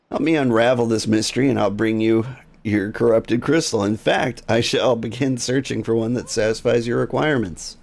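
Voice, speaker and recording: A man voicing a composed, formal official in a measured, slightly stiff delivery while reading a video game's dialogue. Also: mid-range voice, vocal fry, darkish tone.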